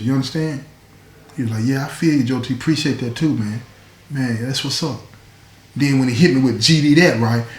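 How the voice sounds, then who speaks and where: A man hosting his own show, telling a prison story in a lively way and acting out the voices of the people in it. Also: mid-range voice, reverberant. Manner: animated, acts out quoted voices. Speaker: host.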